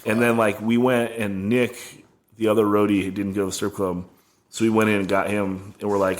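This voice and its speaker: A man's voice: lowish voice, little pitch movement, a little fast. A man in casual podcast chat, rambling through a tour story with constant "like" fillers.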